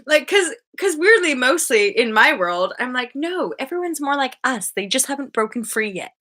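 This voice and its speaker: A woman's voice: high voice, sing-song, normal speed, sharp tone. A woman in her thirties hosting a casual live-stream chat, bubbly and laughing often, swearing freely and acting out voices as she tells stories. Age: 30s. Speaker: host.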